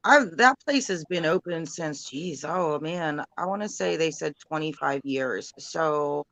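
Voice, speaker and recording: A woman's voice: deep voice, lively intonation, measured pace, fairly bright tone, dry recording, low-quality recording. A woman in her late thirties, a guest in a casual chat, talking in a rambling, giggly way. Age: 30s.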